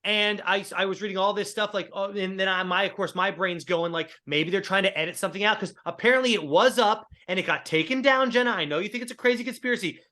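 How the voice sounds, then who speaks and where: A man's voice: sits high, fast talker, hardly any pauses, bright, forceful tone. A man co-hosting a casual TV recap chat, talking in a rambling, opinionated way. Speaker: co-host.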